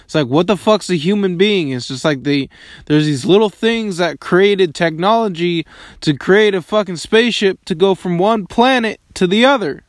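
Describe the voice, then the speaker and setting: A man's voice: sits high, normal speed, no echo, clean studio sound. A man in his early twenties rambling casually, swearing often and filling his questions with "like". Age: 20s.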